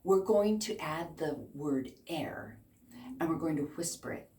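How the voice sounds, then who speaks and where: A woman in her fifties teaches beginner ukulele in a low, unhurried voice. She is encouraging and counts along with her students. The room is echoey, with a faint hiss behind her. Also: lively intonation, a little mellow. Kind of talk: beginner music lesson.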